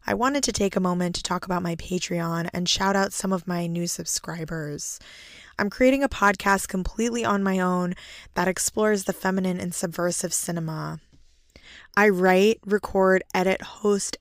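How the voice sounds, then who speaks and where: A raspy, hoarse woman hosting her own podcast alone, speaking in an earnest, enthusiastic way. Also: fairly low pitch, no echo, clean studio sound. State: hoarse from laryngitis. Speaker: podcast host. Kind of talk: solo podcast monologue.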